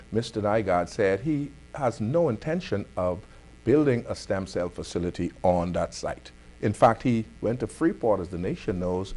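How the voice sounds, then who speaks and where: A man with a Bahamian accent hosting a community affairs talk show, laying out his case in a firm, deliberate way. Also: lowish voice, a little mellow. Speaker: host.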